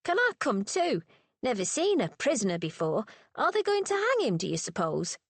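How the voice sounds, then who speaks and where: A woman's voice: fairly high pitch, huge pitch swings, moderate pace, no echo, voice pushed up, exaggerated voice. A woman voicing a small, cheeky street boy with a piping, eager manner in an audiobook.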